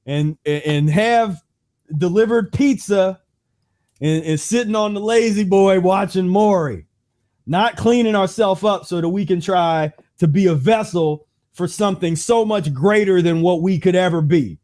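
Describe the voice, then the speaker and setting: A man with a fairly high voice talks through a casual livestream monologue. He sounds preachy and restless, firing off rhetorical questions and often restarting his sentences. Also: a little slow, darkish tone. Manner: casual and conversational with frequent restarts. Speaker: host. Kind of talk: livestream health talk monologue.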